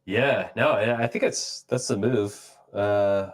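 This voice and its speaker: A young man with a lowish voice trades profane, joking banter as a podcast co-host. He talks casually, and his jokes often break into bursts of laughter. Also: slow. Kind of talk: casual chat.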